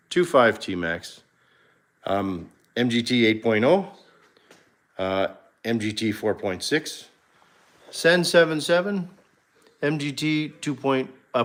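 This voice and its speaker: Man, livestream host, casual garage tour, halting, many fillers, self-correcting. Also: mid-range voice. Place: home garage.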